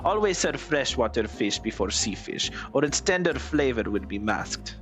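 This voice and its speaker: A man's voice: medium pitch, expressive, normal speed, fairly bright tone, soft background music, lightly acted. A man reading aloud the lines of a refined young woman from a game, in his own plain voice and with no accent put on. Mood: gracious.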